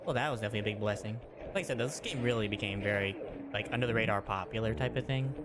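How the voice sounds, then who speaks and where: A man's voice: on the low side, racing, heavy background noise. A man giving rambling, chatty commentary while streaming a game. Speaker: gaming streamer. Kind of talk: casual gameplay commentary. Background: game music.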